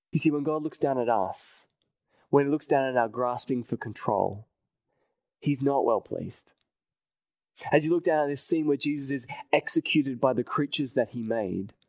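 A man preaching a sermon, earnest and emphatic, repeating phrases and dropping his voice to a hush at key points. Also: mid-range voice, no room sound, poor audio.

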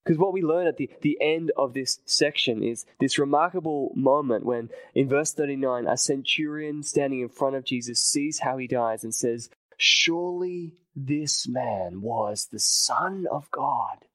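A man preaching a sermon, earnest and emphatic, repeating phrases and dropping his voice to a hush at key points. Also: mid-range voice, moderate pace, few pauses, dry recording, poor audio.

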